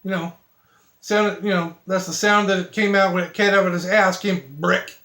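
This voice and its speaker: A man telling long story jokes in a halting, rambling way, with many restarts. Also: high voice, steady tone, sharp tone, echoey room. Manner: halting, many restarts and fillers, self-deprecating. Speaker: amateur joke teller.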